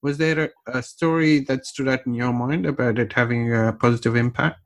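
A man interviewing a guest, asking slow, searching questions. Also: medium pitch, steady tone, no echo.

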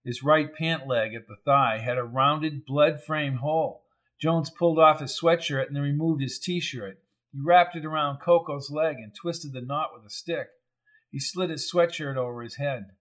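A man reading a crime novel aloud in even, measured scripted narration. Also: fairly high pitch. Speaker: audiobook narrator.

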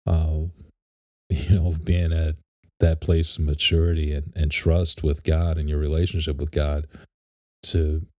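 A man with an extremely deep, dark voice speaks in a flat, even way, earnest and reflective in casual conversation. The sound is dry and close. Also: no echo. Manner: earnest, reflective, talks about faith and honesty. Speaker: podcast co-host. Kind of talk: casual chat.

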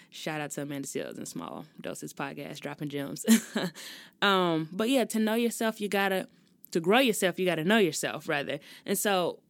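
A young woman hosts her solo podcast, chatting loosely and animatedly with plenty of slang. Her voice sits a little low for a woman. The recording is close and dry, with no room sound. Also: no room sound. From Chicago, US Midwest. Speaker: podcast host. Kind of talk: casual solo podcast chat.

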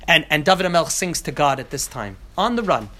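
A man teaching a class on scripture, talking in an animated way with many restarts and asides. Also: a little high, quick pace.

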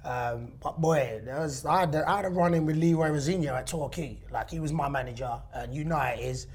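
A man hosts a relaxed conversation. He tells his stories with a lot of energy, and his voice climbs when he gets worked up. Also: a little high, brisk. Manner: animated storyteller, voice rising when excited. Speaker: podcast host, former footballer. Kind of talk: casual interview chat.

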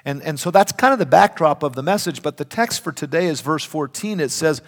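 An older man preaching a sermon, emphatic, swinging between loud and hushed. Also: fairly high pitch, expressive, brisk, few pauses. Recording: reverberant hall.

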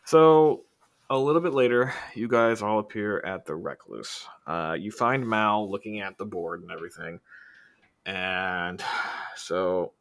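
A man narrating as game master in a casual, halting way. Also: fairly low pitch.

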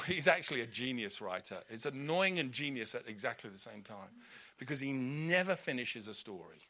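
A male preacher giving a lively storytelling sermon with humorous asides. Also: mid-range voice, unhurried, pauses often. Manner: animated, storytelling, laughing asides.

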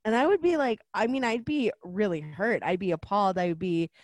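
A woman's voice: medium pitch, brisk, no echo. A woman in casual chat, playful, acting out quotes with laughter. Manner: laughing, playful, expressive quoting.

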